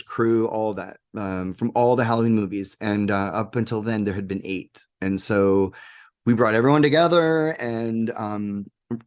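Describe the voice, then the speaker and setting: Man telling excited stories as a guest. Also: fairly low pitch. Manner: excited, animated anecdotes with frequent fillers. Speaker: guest, game producer. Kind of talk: casual interview storytelling.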